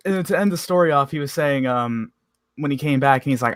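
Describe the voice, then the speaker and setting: A man's voice: mid-range voice, fairly quick, clean tone, no room sound. A young man co-hosting a podcast, telling stories in casual chat, laid-back, swearing freely and laughing as he goes. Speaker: podcast co-host.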